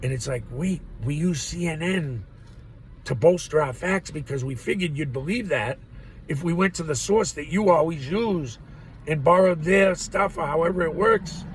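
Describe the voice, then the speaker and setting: A man's voice: fairly high pitch, normal speed, slight background noise, rough recording. A man rambling through a profane, laugh-filled monologue as a vlogger. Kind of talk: ranting monologue.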